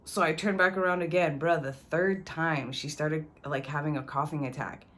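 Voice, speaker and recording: A young woman with a slightly low voice tells a personal story straight to camera. Her delivery is loose and slangy, full of casual curses and asides to the viewer. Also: fairly even intonation, moderate pace, a bit bright. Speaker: vlogger.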